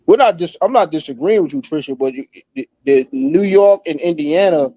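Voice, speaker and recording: A man's voice: on the high side, lively intonation, normal speed, mellow, dry recording, dull audio. A man co-hosting a sports talk show, laying out his argument with rhetorical questions. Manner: reasoning, asks rhetorical questions. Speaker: podcast co-host. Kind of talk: casual sports debate.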